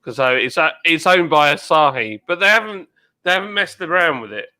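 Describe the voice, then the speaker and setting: High, bright-voiced Englishman chatting. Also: lively intonation, fairly quick, no room sound, low-quality recording. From England. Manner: chatty, hesitant restarts, cheeky. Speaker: YouTuber co-host. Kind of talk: casual beer-drinking chat.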